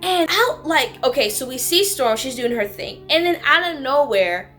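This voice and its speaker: Brief: chatty woman movie reviewer, slightly high voice, faint music under. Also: expressive, moderate pace, fairly bright tone. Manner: rambling, frequent "like". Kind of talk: casual chat.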